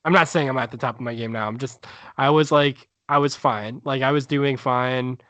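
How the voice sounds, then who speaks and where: A man's voice: mid-range voice, fairly even intonation, moderate pace, a bit bright, no room sound. A male stand-up comedian telling a story in a casual podcast chat, rambling with many fillers and restarts.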